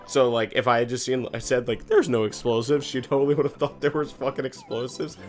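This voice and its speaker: A man's voice: medium pitch, brisk, a little mellow, soft background music. A man rambling through a casual story while playing a game, with constant "like" fillers and plenty of swearing. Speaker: gaming video host.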